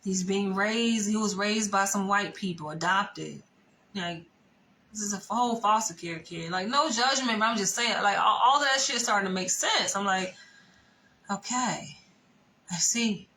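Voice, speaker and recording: A young woman recounts a dating misadventure in an animated, profane, conversational storytime. Her voice sits mid-range with a sharp, bright edge. A faint hum of room ambience sits under the voice. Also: medium pitch, normal speed, rough recording. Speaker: vlogger telling a dating story. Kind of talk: casual storytime monologue.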